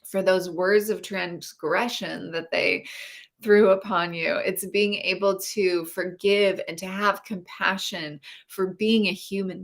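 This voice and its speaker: A woman's voice: mid-range voice, a bit bright. A woman coaching about relationships and intimacy in an earnest, spiritual way, speaking straight to viewers of a live stream.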